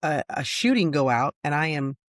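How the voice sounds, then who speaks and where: A woman's voice: low-pitched, animated, moderate pace, no echo. Woman telling deputy stories, dry close mic. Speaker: retired sheriff's deputy, podcast host. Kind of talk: casual storytelling chat.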